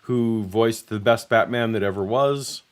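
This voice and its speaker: A man co-hosting a casual livestream chat, talking in a relaxed, hesitant way and laughing now and then. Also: fairly low pitch, unhurried, clean tone. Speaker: co-host.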